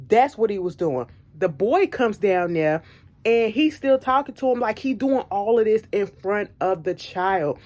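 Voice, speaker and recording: A woman vlogger telling a story in casual chat, animated and emphatic, repeating her points bluntly. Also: mid-range voice.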